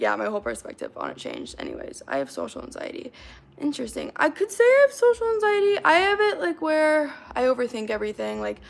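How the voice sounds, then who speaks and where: A woman in her twenties with a fairly high, gravelly voice livestreams casually from her apartment. She rambles and reads out comments, leaning heavily on "like" as a filler.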